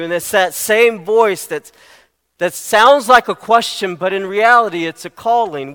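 High, bright-voiced male preacher in a hall. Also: unhurried, clear, resonant tone. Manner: earnest, repeats questions for emphasis. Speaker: pastor. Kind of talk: sermon.

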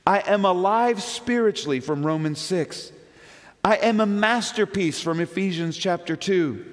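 A man preaching a youth sermon, casually retelling Bible stories in everyday slang and shifting between excited calls and hushed storytelling. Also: high-pitched, measured pace, long reverb tail.

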